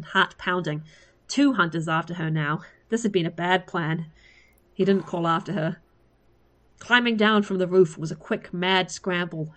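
Woman, story reader, lively narration, lowish pitch. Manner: lively, laughs at the story between passages. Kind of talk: reading a fantasy story aloud.

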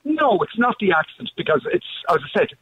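Husky male caller on a phone line. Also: high voice, sing-song, a little fast. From the Netherlands. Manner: blunt, opinionated. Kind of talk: phone-in call.

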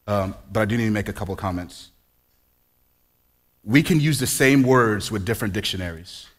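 A man's voice: lowish voice, lively intonation, a little fast. A man in his forties preaching a sermon in a conversational way, full of rhetorical questions and playful asides. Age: 40s. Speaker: pastor.

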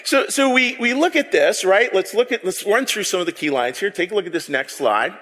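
A man preaching a sermon, animated and joking with his congregation in a church hall. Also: sits high, a little fast. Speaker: pastor.

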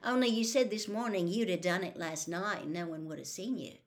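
A bitter, needling teenage boy wizard , as a woman reader puts him on, sniping with sarcasm. The voice sits slightly higher than her own low reading tone and pushes a little louder. It stays close to an everyday storybook-reading voice. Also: a little fast, lightly acted. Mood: cold.

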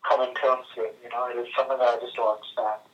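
Halting man on a tinny speakerphone. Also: medium pitch, little pitch movement, distant mic. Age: 30s. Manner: halting, many fillers and restarts. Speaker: friend calling in. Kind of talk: casual phone conversation.

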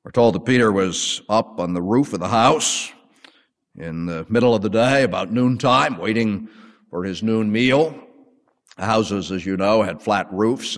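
A man teaching a sermon with an animated, conversational storytelling manner. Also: lowish voice. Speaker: Bible teacher. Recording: long hall reverb.

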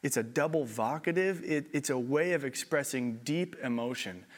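A man's voice: mid-range voice, normal speed. A young adult man preaching a sermon, telling stories and acting out quoted voices. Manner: animated storytelling, acts out quoted voices. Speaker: pastor.

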